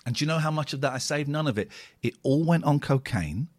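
A man's voice: a little high, expressive, fast talker. A British man in his forties, chatting casually and sardonically as he reacts to old clips of himself on a live stream. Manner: chatty, jokey, sardonic, rambling with repetitions.

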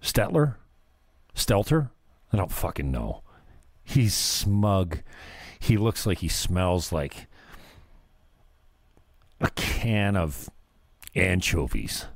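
A man's voice: deep voice, big pitch swings, drawn-out words, creaky, long pauses, no room sound, clean studio sound. A man hosting a podcast, rambling through casual political commentary with profanity and sarcasm. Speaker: podcast host.

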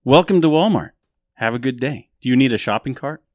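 A man's voice: medium pitch, lively intonation, fairly quick, a little mellow, no echo, clean studio sound, voice pushed up, close to an everyday voice. A man putting on a bouncy, exaggerated voice as a cheerful male store greeter. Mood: cheery.

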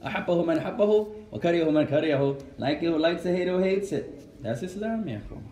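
Animated man teaching in an echoey room. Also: on the high side, very fast. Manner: animated, switches between Arabic and English, asks the class questions. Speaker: Islamic teacher. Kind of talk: classroom religious lesson.

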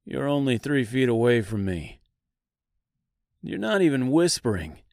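A tall, plain-spoken tin woodman voiced by a man who answers in an unhurried, dry tone with a sardonic edge. The sound is close and dry, with no room around it. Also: mid-range voice, vocal fry, dry recording. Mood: exasperated. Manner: flat, sardonic and matter-of-fact. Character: dry, blunt male man made of metal. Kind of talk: audiobook character voice.

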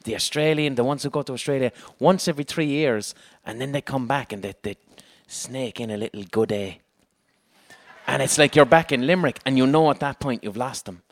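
Fairly quick and with few pauses, this mid-range male voice belongs to an Irish podcast host running a comedy chat in front of a live crowd. He curses freely, stays animated, and laughs often.

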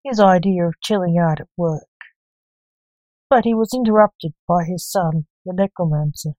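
Woman reading a story, low voice, steady, dry sound. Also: moderate pace, dry recording, poor audio. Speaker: narrator. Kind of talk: storybook narration.

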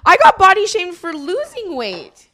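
A woman's voice: very high-pitched, huge pitch swings, measured pace, over a noisy crowd. A woman co-hosting a podcast, telling stories in casual chat, laughing easily and restarting her sentences. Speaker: podcast co-host.

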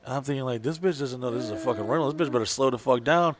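A man's voice: mid-range voice, racing, a little hiss or hum. A man telling a long profane story in casual chat, rambling and acting out what he said at the time. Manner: profane, rambling, acts out his own lines.

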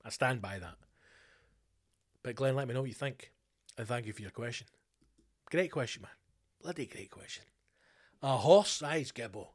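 A man's voice: mid-range voice, normal speed, long pauses, breathy edge. Scottish man hosting a rambling solo podcast. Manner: rambling, animated storytelling with swearing. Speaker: podcast host. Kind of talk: solo podcast monologue answering listener questions.

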